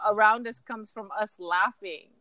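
A woman's voice: medium pitch, crowd noise. A woman in a casual chat, chiming in on a shared memory and laughing along. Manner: interjects, laughs along, slows to make a point. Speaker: podcast co-host.

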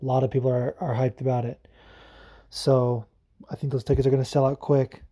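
A man hosting a podcast in casual, rambling chat, excitable and swearing freely. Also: mid-range voice, a little fast. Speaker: podcast host.

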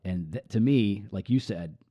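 A man's voice: fairly low pitch, expressive, unhurried, mellow, no room sound. A man, a pastor, speaking earnestly and reflectively in a podcast interview. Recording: dull lo-fi dry sound.

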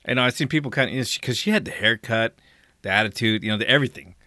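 A man's voice: mid-range voice, very fast, sharp tone, dry recording, clean studio sound. A man co-hosting a podcast, telling a story casually, rambling with restarts and swearing freely. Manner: rambling with many restarts, profane. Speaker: podcast co-host.

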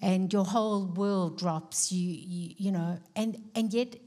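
Middle-aged woman, South African accent, earnest church testimony, pauses with um, guest speaker. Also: medium pitch, steady tone, mellow. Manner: earnest storytelling with frequent ums. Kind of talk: personal testimony in a church service.

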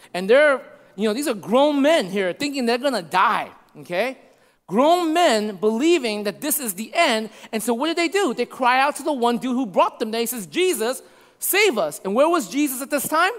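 A man preaching a sermon to a congregation, conversational and checking in with his listeners, dropping to a hush for emphasis. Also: very high-pitched. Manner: shifts from loud to hushed for emphasis. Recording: long hall reverb.

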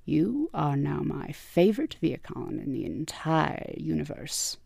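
A woman voicing a scheming, vain male robot commander with a smooth, drawled delivery. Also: deep voice, sing-song, unhurried, dark tone, no room sound, studio quality, heavily acted.

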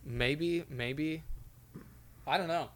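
A man's voice: fairly high pitch, very slow, a bit bright. A young man chatting loosely with a friend, his sentences full of fillers and restarts. He swears casually and wanders through a point before getting to it. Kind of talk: casual chat.

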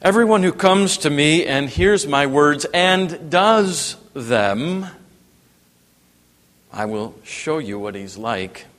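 A man preaching a sermon, dropping to a hush and then rising to emphatic, raised passages. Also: fairly high pitch, animated, slow. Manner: wide swings from hushed to emphatic preaching. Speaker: pastor. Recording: long reverb in a hall.

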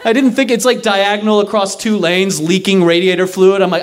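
A young man telling a comedic story live on stage, acting out the other people's lines in an animated way. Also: high voice, fairly quick, hardly any pauses, a faint crowd. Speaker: stand-up storyteller. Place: live stage before an audience.

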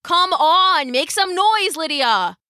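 A woman's voice: medium pitch, expressive, takes it slowly, bright, forceful tone, dry recording, clean studio sound. A woman voicing a cocky young male musician who teases and boasts. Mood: shouting.

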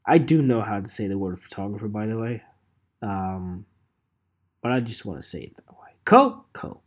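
A man's voice: a little high, darkish tone. A man talking casually to his viewers as a photographer, rambling with wry, self-mocking asides. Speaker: photographer vlogger. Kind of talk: casual monologue to camera.

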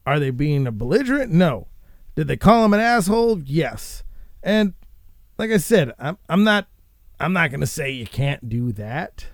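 A man hosting a casual show, ranting and swearing in a rambling, animated way. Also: on the high side, moderate pace, no echo, studio quality. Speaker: podcast host.

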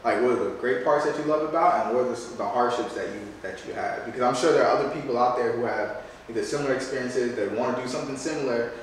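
A man hosting a casual podcast, relaxed and easy to laugh, as he steers the talk into each new segment. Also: mid-range voice, quick pace, far from the mic. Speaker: podcast host. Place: sneaker cleaning shop. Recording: echoey room, off-mic, faint background noise.

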